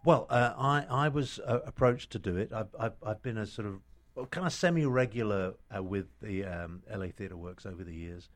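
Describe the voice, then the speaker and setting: British man, lowish voice, halting, restarts, casual chat, middle-aged. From Britain. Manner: halting, many restarts and fillers. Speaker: actor guest.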